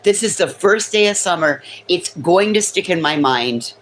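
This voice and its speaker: A woman's voice: fairly low pitch, animated, normal speed, slight background noise, poor audio. A woman hosting a casual livestream from home, teasing her chat with sarcastic remarks. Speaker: livestream host. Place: home near a kitchen.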